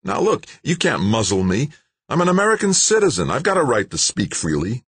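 A man voicing an earnest male scientist who speaks urgently and emphatically, in a husky voice. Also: medium pitch, very animated, normal speed, dry recording, voice pushed up. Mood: defiant.

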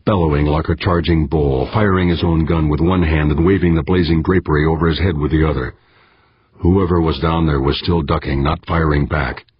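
A man reading an audiobook in steady, measured scripted narration. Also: sits low, breathy edge, no room sound, muffled recording.

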